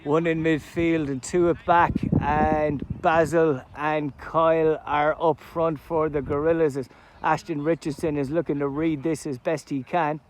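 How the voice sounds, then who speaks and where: A man giving live play-by-play commentary at an amateur football match outdoors, chatty between plays and loud at goals. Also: on the high side, little pitch movement, a little slow, slight background noise. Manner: chatty play-by-play, erupts loudly at goals and chances. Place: outdoors at a sports ground.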